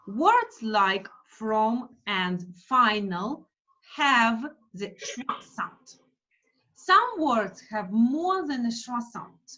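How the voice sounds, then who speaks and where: A woman who teaches English phonics runs an online class over a video call, her fairly high voice slow and lively. She speaks carefully and repeats words so students can drill them. The audio is dull, lo-fi call quality.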